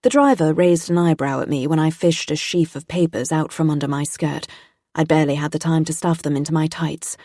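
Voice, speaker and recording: A woman reading a mystery audiobook in a tense, steady first-person narration. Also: low-pitched, fairly quick, no echo, clean studio sound.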